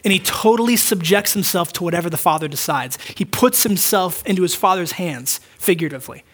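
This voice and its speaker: Guy with a pretty high voice giving a chatty sermon, plays out quotes as he goes. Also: animated, fairly quick, a bit bright. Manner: conversational preaching, acts out quoted dialogue. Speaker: pastor.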